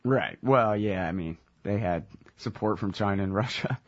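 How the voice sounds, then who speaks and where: A man's voice: lowish voice, normal speed, no echo. Blunt, sarcastic radio host man. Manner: blunt, sarcastic, casual swearing. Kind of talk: radio discussion. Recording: dull band-limited radio audio.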